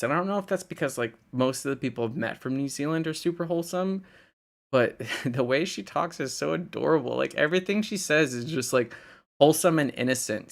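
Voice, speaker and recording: A young man from the United States chats loosely with his live-stream audience, answering comments as they come in. His voice sits at a middle pitch with a gravelly, creaky edge. He rambles through plenty of fillers and restarts. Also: a bit bright. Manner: rambling, filler-heavy, answers chat comments with frequent laughs. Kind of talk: casual live-stream chat.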